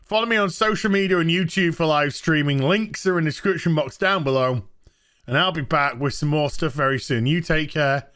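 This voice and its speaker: A man's voice: on the high side, a little fast, a bit bright, clean tone. A man giving a sarcastic, swearing recap of a TV episode he dislikes, scornful and casual. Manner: swears freely. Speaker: TV show reviewer.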